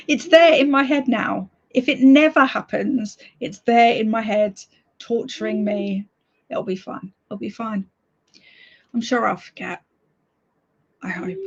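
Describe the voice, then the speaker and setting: A woman's voice: a little high, highs cut off. A woman hosting a reading livestream, chatting casually and giggling as she reads out viewer comments. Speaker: streamer hosting reading sprints.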